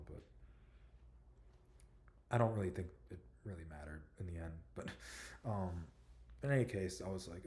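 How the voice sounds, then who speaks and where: A young man talks to camera about his own past in a loose, halting ramble, leaning on "like" and "you know" as he hunts for words. His voice sits a bit low and sounds mellow and soft, with a self-conscious, soft-spoken delivery. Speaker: vlogger telling his life story. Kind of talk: casual personal storytelling to camera.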